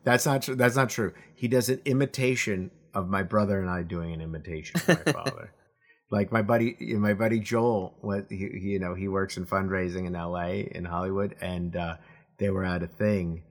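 A man's voice: deep voice, brisk. A middle-aged man from New Jersey, co-hosting a casual podcast chat and rambling with lots of restarts. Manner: rambling, full of restarts and fillers. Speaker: podcast co-host.

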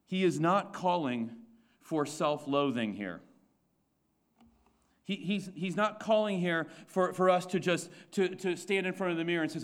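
A man preaching a Sunday sermon with a notably high voice. He asks his congregation rhetorical questions, hammers home his points by repeating them, and trips over restarts as he works out each thought. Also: moderate pace. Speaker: pastor.

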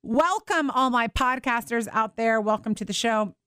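A chatty woman in her thirties hosts a Christian talk show, her coming through as she laughs and talks animatedly. Her voice sits fairly high and sounds smooth and clear. The studio is dry, with no room sound. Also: moderate pace, bright, forceful tone, dry recording. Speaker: radio and podcast host. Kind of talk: casual faith talk.

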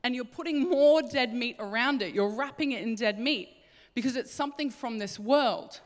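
A woman preaching a sermon, telling a Bible story in an animated way and acting out the voices. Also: on the high side, normal speed. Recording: hall reverb.

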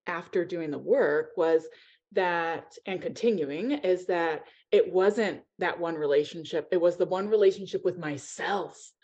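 A woman's voice: lowish voice, measured pace, a little mellow. Earnest woman sharing her story, lo-fi. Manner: emotional, open, lots of "um" and "like". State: teary-eyed. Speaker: podcast guest. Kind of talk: heartfelt personal storytelling. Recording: dull lo-fi sound.

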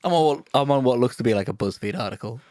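A man's voice: mid-range voice, fast talker, darkish tone, dry recording. A man co-hosting a podcast, giving short, dry replies in casual chat. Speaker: podcast co-host.

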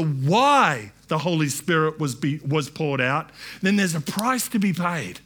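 A middle-aged male pastor delivers a sermon in a church. His voice sits high and sounds bright and forceful, and he keeps it conversational, restarting phrases and slipping into asides. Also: animated, unhurried.

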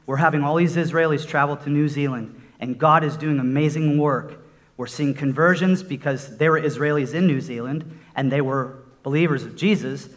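A middle-aged man delivering a sermon built on a personal testimony. His voice sits a little high for a man, and he tells his story earnestly before pressing hard on the listeners. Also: normal speed. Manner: earnest storytelling, rising to emphatic exhortation. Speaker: preacher.

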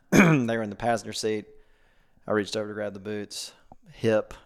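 Laid-back man, low voice. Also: little pitch movement, normal speed. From Mississippi, USA. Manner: laid-back, brief affirmations. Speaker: podcast guest. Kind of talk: casual conversation.

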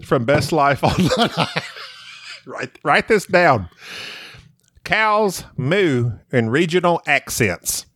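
A man's voice: on the high side, lively intonation, drawn-out words, pauses often, fairly bright tone, dry recording. A man co-hosting a podcast, playful in casual banter, laughing a lot and trying goofy voices. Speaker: podcast co-host.

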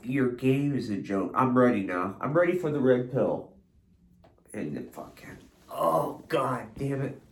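A man's voice: mid-range voice, expressive, a little slow, reverberant. A man in a disoriented drugged state, rambling profanely in a disjointed stream of consciousness, veering between mumbles and anguished cries. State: disoriented, under the influence of a drug. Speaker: podcast host recording his own treatment session.

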